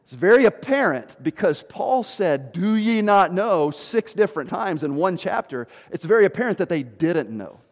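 A male pastor preaching a sermon with emphasis, dropping low and slow for scripture and rising loud to stress a point. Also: big pitch swings, big-room sound.

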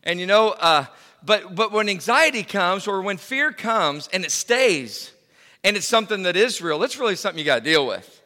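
Male preacher, high ringing voice, animated storytelling, long hall reverb. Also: normal speed. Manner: animated, repeats words, bursts into loud cries when reliving a story. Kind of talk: sermon with personal storytelling. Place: church hall.

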